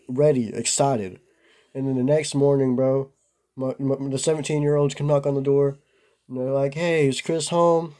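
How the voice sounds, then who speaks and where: Speaking to the camera in a mellow, medium-pitched voice, a young man casually rambles through a story. His vlog is laid-back and loaded with fillers and slang, with plenty of "like" and "bro".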